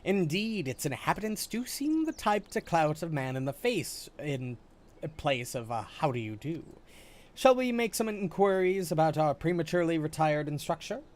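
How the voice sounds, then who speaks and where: A man's voice: a little high, very animated, normal speed, darkish tone. A man voicing a posh, formal young male noble inventor who speaks in stilted, old-fashioned courtly phrases. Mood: earnest.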